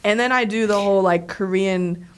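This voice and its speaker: Casual woman guest, a dancer; talky and animated, acts out quotes, average pitch. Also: normal speed, clean tone. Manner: chatty, many "like" fillers, animated quoting. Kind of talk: casual interview chat.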